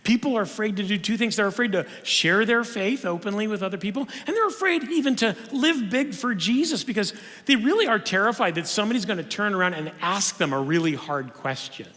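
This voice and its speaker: A man giving a humorous conference lecture in a church auditorium, telling stories in an animated way with frequent restarts. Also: sits high, a little fast. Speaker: conference speaker. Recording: long reverb of a church hall.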